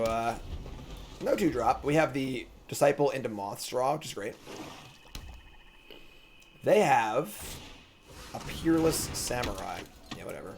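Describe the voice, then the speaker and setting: A young man giving casual, joking commentary while he streams a card game. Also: medium pitch. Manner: joking, talks to himself and the opponent. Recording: background noise.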